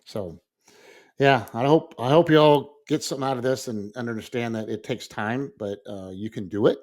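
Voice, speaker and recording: A sixty-year-old man chats on a podcast in a relaxed, meandering way, often breaking into laughter. His voice sits at an ordinary middle pitch, and the talk stays sincere and unpolished throughout. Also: normal speed. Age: 60s. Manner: earnest, rambling, laughs often. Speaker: podcast co-host. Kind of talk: casual podcast chat.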